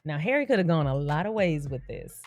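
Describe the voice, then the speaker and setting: A woman's voice: deep voice, very animated, brisk, soft background music. A young adult woman hosting a casual commentary vlog, chatty, with slangy asides and frequent laughter. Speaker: YouTube commentary host.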